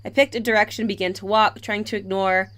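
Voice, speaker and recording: A woman's voice: mid-range voice, fairly even intonation, quick pace, a bit bright. A woman playing a visual novel, reading its text aloud and breaking off to comment with giggles.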